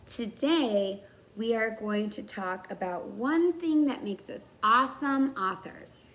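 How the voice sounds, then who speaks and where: A woman's voice: a little high, a bit bright, reverberant. A woman kindergarten teacher giving a recorded lesson to young children, speaking in simple, encouraging teacher talk.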